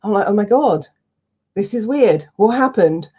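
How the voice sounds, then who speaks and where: A woman, a public speaking coach, telling anecdotes in a casual, animated way and acting out her own lines. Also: medium pitch, measured pace, breathy edge. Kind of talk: casual storytelling to camera. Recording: dull lo-fi sound.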